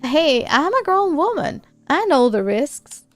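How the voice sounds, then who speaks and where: A woman's voice: high-pitched, big pitch swings, measured pace, no echo, voice pushed up, exaggerated voice. A young woman reading the lines of a determined young woman survivor in a firm, matter-of-fact tone. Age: young adult. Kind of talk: reading game dialogue aloud.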